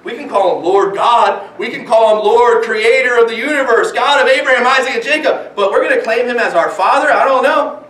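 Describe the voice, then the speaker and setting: A man with a very high voice preaches from the pulpit, stacking up rhetorical questions and repeating key phrases for weight. The sound comes from a distance in a roomy church, with a lot of echo around his words. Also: a little fast, fairly bright tone. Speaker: pastor. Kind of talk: sermon. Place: church sanctuary.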